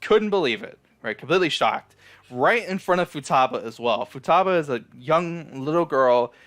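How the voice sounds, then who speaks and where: A man's voice: a little high, lively intonation, normal speed, a bit bright. A man casually recapping an anime episode, rambling and swearing, with lots of fillers and restarts. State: feeling down and apologetic. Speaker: anime reviewer.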